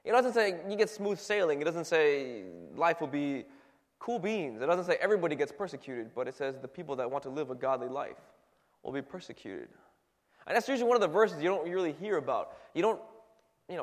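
A man giving a relaxed, conversational sermon as a youth pastor, with plenty of "you know", "like" and restarts as he explains scripture. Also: fairly high pitch, brisk. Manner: conversational, many fillers and restarts. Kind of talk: casual sermon. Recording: long reverb in a hall.

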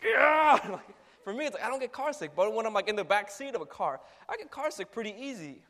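A young man in a casual storytelling monologue, animated and full of filler words, acting out ride noises. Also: high voice, fast talker. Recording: long hall reverb.

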